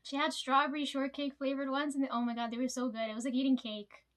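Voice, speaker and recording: A woman's voice: high voice, level tone, fast. A woman in her late twenties telling a rambling, sidetracked story in casual chat, swearing freely as she goes. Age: late 20s. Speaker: vlogger.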